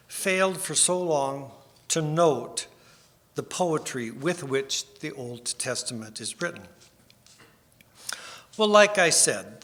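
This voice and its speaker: A man giving a sermon with slides, unhurried and self-deprecating, with small restarts. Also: medium pitch, fairly bright tone. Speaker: speaker giving a split sermon. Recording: long hall reverb.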